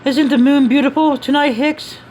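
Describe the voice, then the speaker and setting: A man voicing a feisty, quick-tempered young woman while reading game dialogue aloud. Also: very high voice, fairly even intonation, darkish tone, slight background noise, pitched above the performer's own voice. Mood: teasing, indignant.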